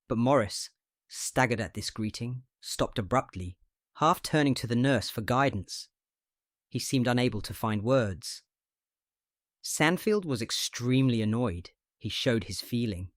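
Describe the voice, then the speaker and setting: A man narrating a short story in an unhurried, measured way, his voice at a middling pitch. The recording is dry and close, with no room sound. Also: animated, no echo. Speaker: audiobook reader.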